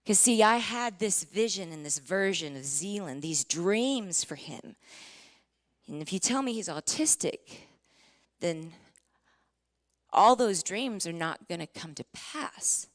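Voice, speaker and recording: A woman in her forties giving a sermon testimony, telling her story with strong feeling, acting out what was said, rising to near-shouting and dropping to whispers. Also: fairly low pitch, lively intonation, slow pace. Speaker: Christian singer giving a testimony. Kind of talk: sermon testimony to a live audience.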